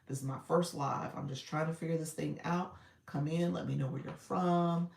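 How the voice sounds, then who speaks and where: A woman live-stream coach chatting casually with viewers, greeting them by name between quick asides. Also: low-pitched, steady tone, gravelly, darkish tone, roomy sound, recorded from a distance.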